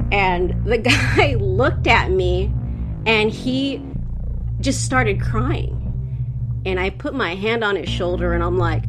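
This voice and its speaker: A woman's voice: medium pitch, unhurried, over music. A young woman who works as a spirit medium, telling her story as an interview guest in a candid, casual way, swearing freely with lots of fillers.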